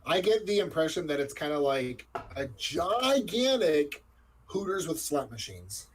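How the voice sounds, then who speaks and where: A male co-host with a voice pitched somewhat high for a man. He talks in an offhand, teasing way in a relaxed podcast chat. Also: measured pace, slightly rough.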